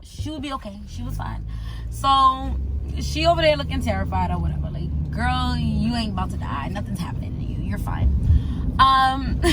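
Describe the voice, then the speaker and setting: A young woman from the United States, telling an animated, slangy storytime vlog and repeating herself for emphasis. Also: fairly high pitch, moderate pace, noisy background. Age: young adult. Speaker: vlogger.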